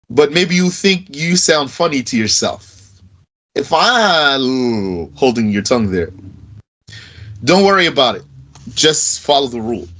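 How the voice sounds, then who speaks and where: A man teaching an Arabic grammar lesson in a casual way, slowly repeating verb forms aloud with fillers like "you know". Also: medium pitch, a bit bright, rough recording. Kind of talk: recorded lesson.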